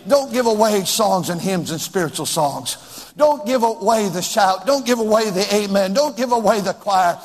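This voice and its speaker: A husky, high-pitched man preaches from the pulpit, reading old scripture aloud and driving home his points with repeated refrains. His voice rings out with a long hall reverb behind it, as in a large church sanctuary. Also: lively intonation, normal speed. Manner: exhorting, repetitive refrains, mocks voices in quotes. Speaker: pastor.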